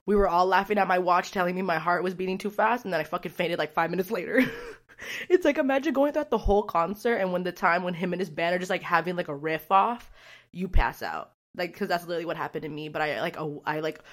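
A young woman talks straight to her viewers in a loose, rambling vlog style. Her voice sits a little low for a woman, and she swears freely and keeps dropping in "like" as she goes. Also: fast. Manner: chatty, profane, rambling storytelling with frequent fillers. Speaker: vlogger. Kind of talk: casual vlog chat.

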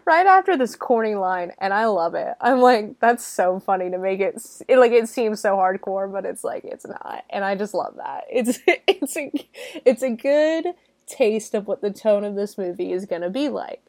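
A woman's voice: moderate pace, no echo. Young woman recapping a horror movie, chatty and sweary, dry close mic. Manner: chatty and animated, swears, jumps up high for mock quotes. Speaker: movie reviewer. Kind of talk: casual spoken movie recap.

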